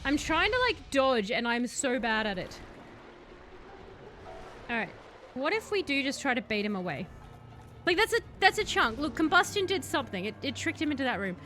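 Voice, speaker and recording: A woman casually commenting while she live-streams a video game, chatting to the boss she fights and bursting into excited yells. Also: high voice, moderate pace. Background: game music.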